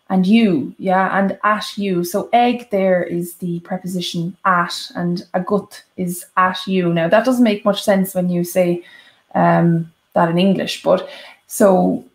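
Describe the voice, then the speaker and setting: A woman co-hosting a live-stream language Q&A, patiently explaining grammar step by step with examples. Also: medium pitch. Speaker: co-host and Irish language teacher. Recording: echoey room.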